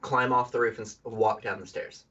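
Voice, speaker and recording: A man's voice: medium pitch, steady tone, moderate pace, sharp tone. A young man playing a tabletop game, rambling in stop-start casual chat, heard from a distance on dull lo-fi stream audio. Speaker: player.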